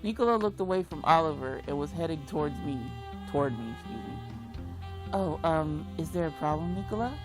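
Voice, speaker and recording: A woman playing a video game and reading its text aloud, reacting loudly and dramatically. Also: low voice, expressive, a little fast, over music. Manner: reads dialogue aloud, with loud dramatic reactions. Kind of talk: let's play reading and reacting.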